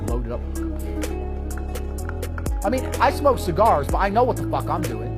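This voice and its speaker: A man's voice: high-pitched, sing-song, normal speed, music in the background. A man ranting in a brash, combative and mocking way, with a lot of swearing. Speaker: media personality. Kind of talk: brash profane rant.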